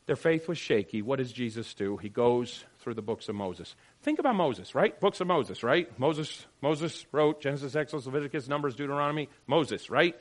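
A man preaching a sermon as pastor, swinging from loud emphatic lines to quiet, joking asides with his congregation. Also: mid-range voice, lively intonation, moderate pace.

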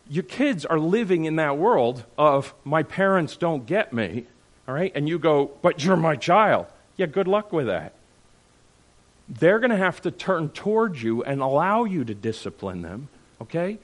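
A man with a fairly high voice leads a church discussion, preaching more than chatting. He presses his points hard and keeps asking the room "all right?" and "okay?" as he goes. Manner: emphatic, questioning the group with "all right?" and "okay?". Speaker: pastor leading a church discussion. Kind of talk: animated teaching talk to a group.

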